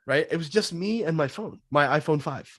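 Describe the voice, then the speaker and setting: A man talking in a casual interview, coaching in an energetic, animated way. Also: fairly high pitch, fairly quick, dry recording, clean studio sound. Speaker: sales trainer guest.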